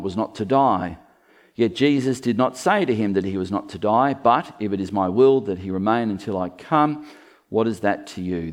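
A man's voice: fairly low pitch, darkish tone. A man preaching an expository sermon to a live church congregation, stressing key words and speaking directly to his listeners. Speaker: pastor.

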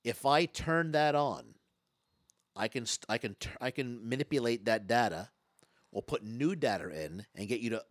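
A man, a stage hypnotist and former comedian, telling stories in an interview, talking fast and loud with lots of stammered restarts. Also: mid-range voice, expressive, no room sound, studio quality. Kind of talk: storytelling interview talk.

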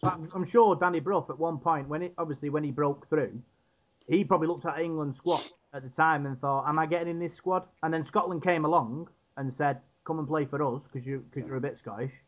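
Male co-host, higher register, hesitant tag-question style, muffled lo-fi sound. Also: brisk. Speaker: podcast co-host. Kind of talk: casual sports chat. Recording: dull lo-fi sound.

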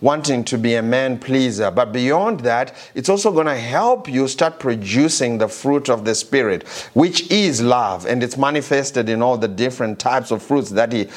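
Male preacher, emphatic sermon delivery, scripture reading, slow stressed verses, halting restarts. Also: medium pitch, animated. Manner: emphatic, slows and rises when reading scripture, some filler restarts; reads scripture aloud.

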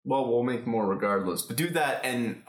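A man's voice: mid-range voice, normal speed, echoey room, rough recording. A man co-hosting a comedy podcast, joking with dry, wry asides. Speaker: podcast co-host. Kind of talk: jokey podcast banter.

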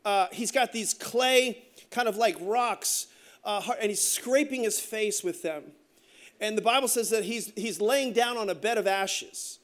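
A middle-aged man preaching a sermon as pastor, telling stories with joking asides in an animated way. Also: high voice, a little slow.

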